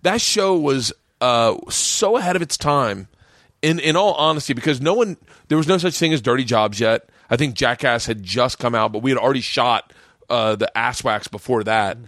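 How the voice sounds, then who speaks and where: A man hosting a podcast, telling a rambling, profane, animated story with many restarts in casual chat. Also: mid-range voice, normal speed, no room sound, studio quality. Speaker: podcast host.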